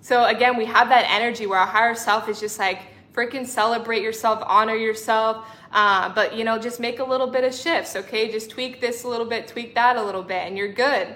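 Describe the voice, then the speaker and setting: A woman's voice: a little high, fairly even intonation, brisk, few pauses, fairly bright tone. A young woman spiritual coach in a casual livestream, effusive and affectionate, calling her viewers sister and honey. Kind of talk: livestream talk reading chat comments.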